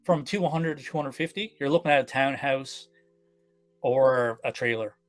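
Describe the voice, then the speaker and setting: A man's voice: medium pitch, normal speed, no echo, faint music behind. A man from Newfoundland chatting as a guest on a live stream, easygoing and chuckly, with lots of filler words. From Newfoundland, Canada. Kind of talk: casual live chat.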